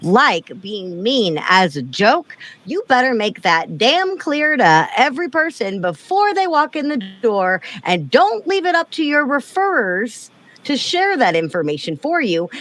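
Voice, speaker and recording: A woman's voice: on the high side, very animated, unhurried, fairly bright tone. A woman guest on a podcast, chatting casually and explaining things with a wry, storytelling manner.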